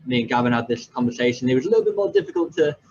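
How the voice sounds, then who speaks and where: A young podcast host from England races through a casual story in an expressive, medium-pitched voice with a darkish tone. He rambles and belittles himself, using many fillers and restarts. Faint background noise runs through the slightly dull lo-fi recording.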